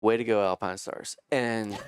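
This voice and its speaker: A man in his thirties telling casual stories about motocross racing, animated and swearing freely as he acts out what others said. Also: fairly low pitch, moderate pace, clean tone. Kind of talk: casual storytelling.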